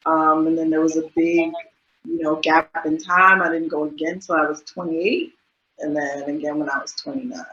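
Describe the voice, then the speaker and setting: A woman in her thirties from the USA talks in a bright, forceful voice that sits low, speaking casually as an interview guest. She chats freely with lots of fillers. The recording is dull and lo-fi with a roomy echo. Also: steady tone, normal speed. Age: 30s. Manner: chatty, many fillers and laughs.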